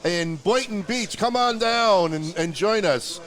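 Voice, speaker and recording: A man with a Boston accent runs a casual live show, greeting guests and plugging the event in an upbeat, chatty way. His voice sits a bit high for a man. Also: a little slow, fairly bright tone. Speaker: host.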